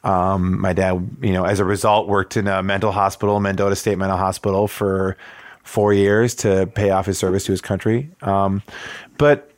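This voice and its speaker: A man in his forties from Wisconsin, telling a personal story in conversation, reflective and halting with many fillers. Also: low-pitched, flat delivery, dry recording, studio quality. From Wisconsin, USA. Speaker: interview guest.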